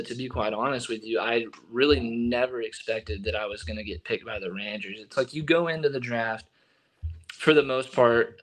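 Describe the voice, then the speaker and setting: A young man from Texas, a baseball pitcher, telling stories in a casual interview and acting out what others said. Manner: animated storyteller, acting out quotes.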